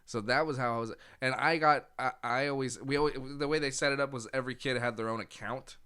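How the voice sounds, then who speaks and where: Laid-back podcast host with a smooth voice. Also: male voice, mid-range voice, fairly even intonation, fast talker, sharp tone. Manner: laid-back, laughs along, loose and profane. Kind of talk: casual podcast chat.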